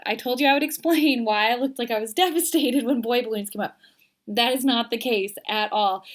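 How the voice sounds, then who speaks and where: A young woman giving a casual, earnest pregnancy update to her viewers. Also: on the high side. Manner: chatty and earnest, emotional, near tears at the end. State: twenty weeks pregnant. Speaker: vlogger.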